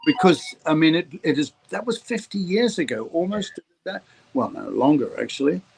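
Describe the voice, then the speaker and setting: An older Australian actor being interviewed, telling anecdotes in a rambling way with plenty of ums and restarts. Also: male voice, a little high, lively intonation, normal speed, gravelly, soft background music, rough recording. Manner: warm anecdotal, hesitant with ums. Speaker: actor guest. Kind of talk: interview storytelling.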